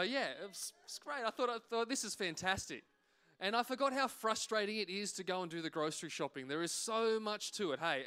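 A man's voice: high-pitched, bright, forceful tone, clear, resonant tone. A man preaching a sermon as pastor, telling a humorous everyday story with acted-out asides.

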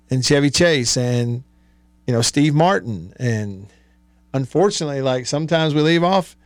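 Chatty radio host, dry studio. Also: male voice, fairly high pitch, clear, resonant tone, no room sound. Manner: chatty, rambling, laughs often, reads sponsor plugs. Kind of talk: casual sports-talk radio chat.

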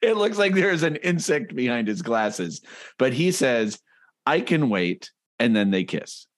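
A man's voice: medium pitch, lively intonation, moderate pace. A man co-hosting a comedy podcast over a call, sarcastically describing comic strip panels with frequent restarts. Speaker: podcast co-host. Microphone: remote call.

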